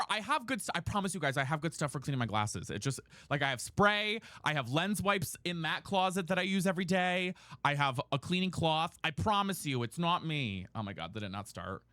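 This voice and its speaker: A man's voice: fairly high pitch, sing-song, brisk, sharp tone, no echo. A man streaming live from a room at home, chatting casually and ranting in exasperation to his viewers. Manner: chatty, exasperated rants to chat. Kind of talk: casual chat while gaming.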